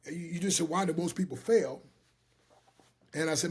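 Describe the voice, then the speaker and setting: A middle-aged man giving an energetic motivational talk, repeating his words and calling the listener "my friend". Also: fairly high pitch, moderate pace, husky. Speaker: motivational speaker.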